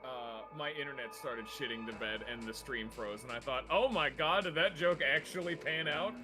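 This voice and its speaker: A young man hosting a let's play, chatting casually over a game in an excitable, jokey way. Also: mid-range voice, over music. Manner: excitable, jokey, quick to laugh. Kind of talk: casual gameplay chat.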